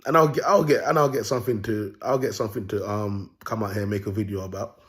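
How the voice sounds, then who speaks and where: A man's voice: fairly low pitch, steady tone, fast. A young man delivering an unscripted monologue as a self-styled prophet, talking raw and bold in street slang with rambling repeats.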